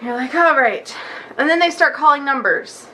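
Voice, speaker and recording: Young woman, vlogger, chatty storytelling, high pitch, bright tone. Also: fairly quick, a little hiss or hum. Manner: chatty, animated, acts out quotes with many likes. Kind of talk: casual storytelling vlog.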